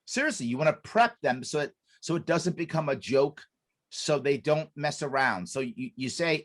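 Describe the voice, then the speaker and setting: A man with a somewhat high voice that swings widely as he talks. He is a podcast guest explaining a method with emphasis, circling back to repeat his main points. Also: moderate pace. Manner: animated, acts out quoted dialogue. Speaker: podcast guest, business consultant.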